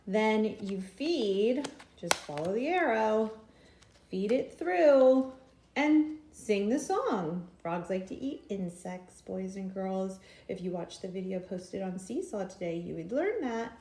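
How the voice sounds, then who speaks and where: A woman teaching a craft and song lesson to young children as a preschool teacher, in a gentle, sing-song manner. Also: medium pitch. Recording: roomy echo, faint room noise.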